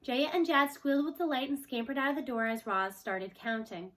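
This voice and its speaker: Woman storyteller, expressive read-aloud, bright voice. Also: high voice, a little fast. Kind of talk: reading a children's book aloud.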